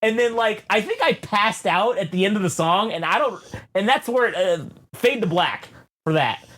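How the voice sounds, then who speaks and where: A male podcast co-host's voice sits high and sounds animated and a bit bright, at normal speed. He meanders through a story in profane, casual chat, swearing nonstop and restarting again and again.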